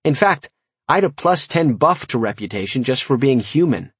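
A man's voice: mid-range voice, lively intonation, normal speed, husky, no echo. A man narrating a first-person fantasy audiobook in a wry, conversational way.

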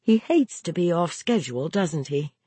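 A woman voicing a lonely, anxious young mother who speaks gently and with concern. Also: fairly low pitch, big pitch swings, normal speed, husky, no room sound.

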